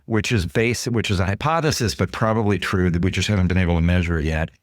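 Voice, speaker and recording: A man, a guest author and consultant, explaining ideas in an interview with lively stories. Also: sits low, quick pace, no room sound, clean studio sound. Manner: animated, acts out dialogue in quoted voices. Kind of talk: storytelling interview answers.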